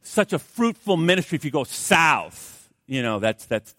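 A middle-aged man preaching a sermon as pastor, his voice sitting high. He moves between loud urgent pleading and quiet, low asides, restarting and repeating words to drive points home. The sound is dry and close. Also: very animated, normal speed, dry recording.

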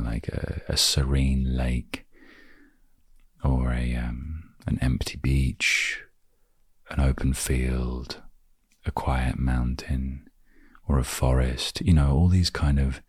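A man hosting a calm solo podcast, reading aloud and musing in a soft, reflective way that sometimes drops to a near-whisper. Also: rumbling low, slow, long pauses, breathy edge, dry recording, clean studio sound. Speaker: podcast host.

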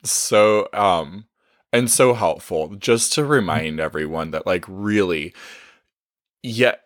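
An enthusiastic man hosting a casual podcast, his voice sitting somewhat low. He cheers his guest on and laughs easily. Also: expressive, takes it slowly, a bit bright. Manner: enthusiastic, affirming, laughs often. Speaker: coach, podcast host.

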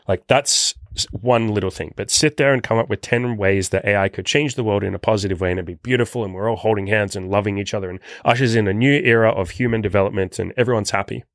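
Young male self-improvement coach, lowish voice, dry close sound, swears freely and pushes hard. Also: dry recording. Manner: blunt and profane, pushy, urgent. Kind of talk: motivational monologue.

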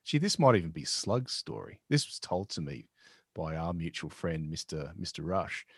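A man's voice: sits low, big pitch swings, moderate pace, breathy edge, dry recording, studio quality. A man hosting a podcast, telling a sports story casually with lots of restarts. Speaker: podcast host.

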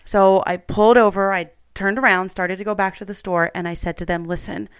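A woman's voice: medium pitch, steady tone, a little fast, clean tone, dry recording. A woman in her thirties, a mother, telling a personal story at home in a candid, chatty way with plenty of fillers.

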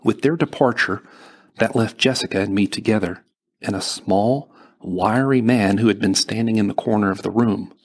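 Low, husky male audiobook narrator. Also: moderate pace. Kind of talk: first-person audiobook narration.

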